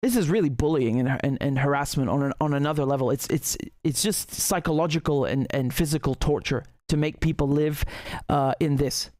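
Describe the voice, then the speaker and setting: A man's voice: on the high side, brisk, a little mellow, dry recording, studio quality. A man giving heated, indignant solo commentary, sarcastic at times, often stumbling and restarting his sentences. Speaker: political commentator.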